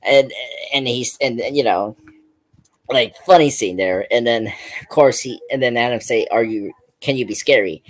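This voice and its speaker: A man's voice: medium pitch, normal speed. A man hosting a pop culture stream, retelling a film's scenes in a loose, rambling way with lots of "like" and restarts. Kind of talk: casual film review chat.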